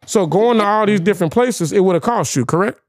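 A young man hosting a podcast, telling a story in casual chat, animated and profane, firing rhetorical questions at his co-hosts. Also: sits high, fast talker, no echo, clean studio sound. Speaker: podcast host.

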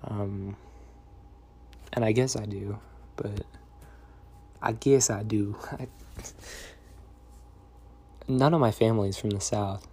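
A man's voice: fairly low pitch, fairly even intonation, takes it slowly, long pauses, dark tone, husky. A young man in a casual vlog monologue, rambling and meandering with lots of fillers and half-finished thoughts. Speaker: vlogger.

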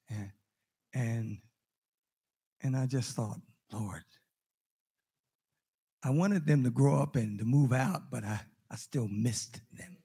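An older man preaching a sermon, telling a family story with loud exclamations and hushed asides. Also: medium pitch, slow pace, creaky, long pauses, breathy edge. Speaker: pastor.

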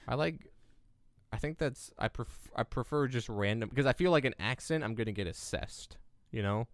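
Guy rambling on a podcast, keeps restarting, crisp clean voice, no room sound. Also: medium pitch, moderate pace, no room sound. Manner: rambling and hesitant, trails off and restarts. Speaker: podcast co-host. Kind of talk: casual chat.

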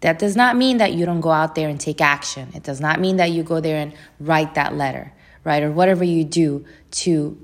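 A woman's voice: low-pitched, moderate pace. A woman hosting a talk, sharing self-help strategies in a casual teaching style, often restarting phrases and adding "right?". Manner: frequent restarts and "right?" tags. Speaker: host.

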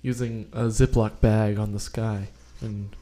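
Man, podcast co-host, warm dark voice, rambling and jokey. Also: lowish voice, little pitch movement, a little slow. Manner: rambling, joking explanations. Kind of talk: casual podcast chat.

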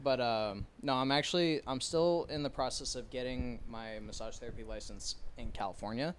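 A man's voice: mid-range voice, moderate pace, slight background noise. A young man co-hosting a podcast, laid-back, giving dry comebacks. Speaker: podcast co-host. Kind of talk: casual chat.

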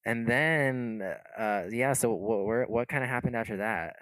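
A man's voice: medium pitch, a little slow, fairly bright tone, no room sound. A man co-hosting a casual film podcast, talking expressively and slipping into playful mock voices. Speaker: podcast co-host.

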